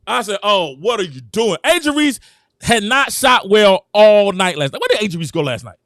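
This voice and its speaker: A man hosting a sports talk show, excitable and repetitive, calling out to his viewers. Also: sits high, moderate pace, no room sound, studio quality. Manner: excitable, repeats himself, addresses viewers as "citizens". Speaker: sports commentary show host. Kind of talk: animated sports opinion talk.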